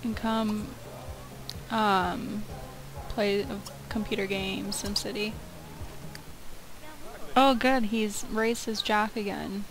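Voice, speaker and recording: A woman giving casual, excitable commentary while playing a life-sim game, breaking into loud outbursts. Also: mid-range voice, takes it slowly, long pauses, low-quality recording. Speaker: let's play gamer.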